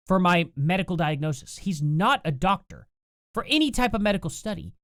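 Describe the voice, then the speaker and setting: A host delivers a sarcastic, animated commentary rant with laughing asides. The pitch leaps around a lot, and the sound is dry, coming from a plain computer mic at home. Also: a little fast, no echo. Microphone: home computer mic, no compressor.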